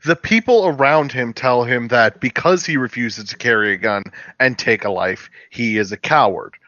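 Man, earnest explaining, bright lively voice, dull lo-fi recording. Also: mid-range voice, normal speed, no echo. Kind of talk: casual film commentary and argument.

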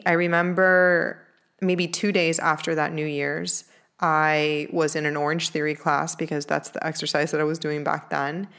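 Young woman, low voice, casual confessional storyteller, filler-heavy, earnest. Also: fairly bright tone. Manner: candid, heavy use of "like" fillers. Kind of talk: personal storytelling.

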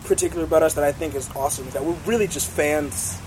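Excitable fast-talking teen guy. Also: fairly high pitch, a little hiss or hum, poor audio. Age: teens. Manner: excitable, acts out quotes, many fillers. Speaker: band member guest. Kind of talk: casual interview chat.

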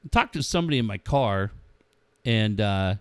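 A man's voice: fairly low pitch, animated, normal speed, smooth, no room sound. Profane joking middle-aged man telling stories. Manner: profane, joking anecdotes with mimicked quotes. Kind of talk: casual storytelling chat.

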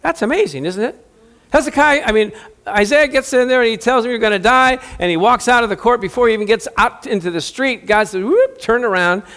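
High-voiced animated male preacher. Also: quick pace. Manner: animated, jokey, acts out Bible voices. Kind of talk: sermon.

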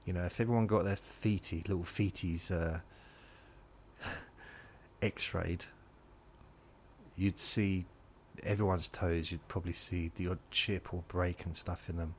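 A man with a very low voice wanders through a sleepy podcast monologue. He keeps breaking off and circling back as he talks. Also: steady tone, unhurried, pauses often, fairly bright tone, a little hiss or hum. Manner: meandering, self-interrupting, drifting between points. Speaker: podcast host.

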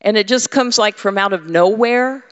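This women's ministry leader and preacher talks at a normal speed in a medium-pitched voice. Her conversational sermon is candid and humorous, full of teasing for her congregation, captured in an echoey hall with slightly dull sound.

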